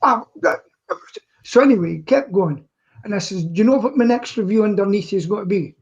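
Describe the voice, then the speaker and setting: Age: unknown. Sex: woman. Style: animated story, lo-fi call. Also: medium pitch, a little fast. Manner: animated anecdote teller who acts out both sides of dialogue. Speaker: regular panelist on a live stream. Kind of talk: casual storytelling. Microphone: video call.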